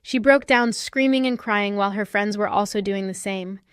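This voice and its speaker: A woman's voice: medium pitch, moderate pace, clear, resonant tone, no room sound, clean studio sound. A young adult woman narrating a first-person story in a sassy, confrontational manner.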